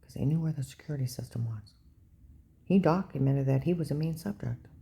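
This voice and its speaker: A woman's voice: sits low, fairly quick, vocal fry, dark tone. An older woman in a rambling, agitated personal monologue, repeating herself and often asking "okay?". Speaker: vlogger.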